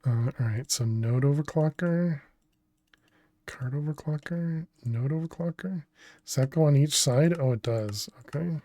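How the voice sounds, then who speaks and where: A man streams a game in an unhurried, chatty way, musing over his moves and answering viewers between laughs. His voice is mellow and low-key at an ordinary pitch, recorded close and dry. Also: no room sound. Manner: chatty, thinks aloud and answers chat messages; laughs often, relaxed and unhurried. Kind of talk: casual gaming livestream commentary.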